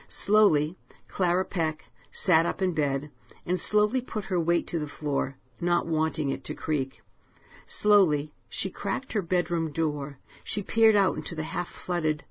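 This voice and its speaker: A woman narrating a ghost story in a measured, hushed manner. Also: deep voice, vocal fry.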